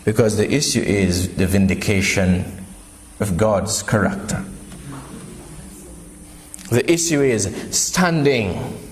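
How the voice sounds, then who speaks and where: A man's voice: fairly low pitch, slow pace, pauses often. A man preaching a sermon, telling a parable and calling his listeners beloved. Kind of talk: sermon with storytelling. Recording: long reverb, faint background noise.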